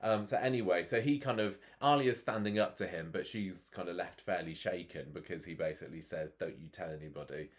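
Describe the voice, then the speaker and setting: Man, very deep voice, casual chat, jokey, podcast co-host. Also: brisk, few pauses. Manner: chatty, jokey, laughs often. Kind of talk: casual chat recapping a soap.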